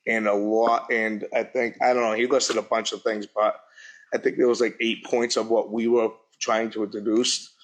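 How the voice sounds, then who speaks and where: A middle-aged man telling his own story at a public forum, speaking plainly and haltingly. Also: fairly low pitch, a bit bright. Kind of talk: personal testimony at a public forum. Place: university event hall.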